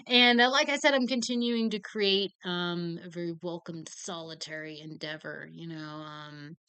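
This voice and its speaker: Bright, laughing woman rambling casually. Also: on the low side, moderate pace, clear, resonant tone, dry recording. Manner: rambling and self-mocking, laughing often, swearing freely. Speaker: podcast host. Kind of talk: casual chat.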